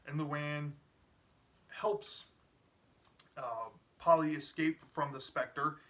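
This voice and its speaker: A man's voice: on the high side, steady tone, slow, fairly bright tone. A man casually retelling a book's plot as a reviewer, rambling with lots of fillers. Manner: rambling, many "you know" fillers. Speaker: book reviewer.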